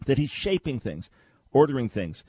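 A man's voice: medium pitch, very animated, normal speed, dark tone, slightly rough. A man hosting a Christian call-in radio show, teaching in an earnest, conversational way with frequent restarts. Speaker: radio talk show host. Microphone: studio microphone.

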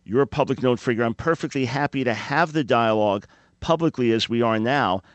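A man who is a guest on a radio show, earnest, measured and insistent. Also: mid-range voice, dry recording.

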